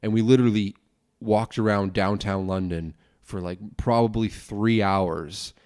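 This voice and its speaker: A man's voice: fairly even intonation, unhurried, darkish tone. Rambling young man grumbling to himself. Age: young adult. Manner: rambling, self-deprecating, grumbling, with sudden high exclamations. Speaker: podcast host. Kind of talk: casual solo podcast rant.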